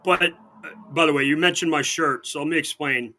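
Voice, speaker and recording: A man's voice: on the high side, fairly even intonation, fairly quick, pushed and bright. A man co-hosting a sports radio show, chatting casually and sarcastically, with lots of restarts. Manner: rambling, sarcastic, many restarts. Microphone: remote call-in line.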